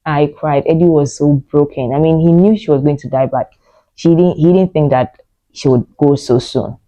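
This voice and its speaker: Woman, movie reviewer; mellow, warm tone, emotional and rambling with many fillers. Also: sits low, moderate pace, dry recording, rough recording. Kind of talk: casual spoken movie review.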